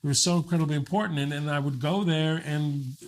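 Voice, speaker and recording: A male stand-up comedian from Kuwait, chatting as a guest on a casual interview show. He tells lively stories, swears freely, and slips into quick impressions. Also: on the high side, a little hiss or hum.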